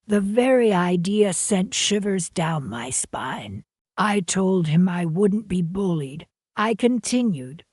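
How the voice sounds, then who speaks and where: A woman narrating a family drama in the first person, measured and dramatic. Her voice sits a little low and moves at a slow, deliberate pace. The recording is dry and close, with no room sound. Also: animated, a little mellow, breathy edge, no room sound.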